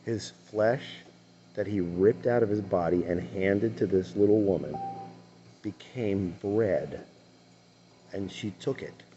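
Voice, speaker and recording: A man's voice: fairly low pitch, slow, warm tone, lo-fi sound. A man earnestly retelling and commenting on a testimony clip he has just played. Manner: earnest, retelling the story in his own words. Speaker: online commentator.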